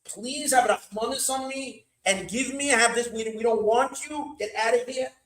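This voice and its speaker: A man's voice: very high-pitched, moderate pace, fairly bright tone, echoey room, recorded from a distance, pitched above the performer's own voice, rough recording. A man voicing a wealthy, hot-tempered father-in-law in a spoken story, pressing and bargaining emphatically. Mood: pleading. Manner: pleading then bullying, emphatic.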